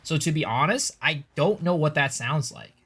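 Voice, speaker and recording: A man's voice: fairly high pitch, expressive, moderate pace, fairly bright tone, husky. An American man streaming, chatting casually, rambling through restarts and answering chat. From United States.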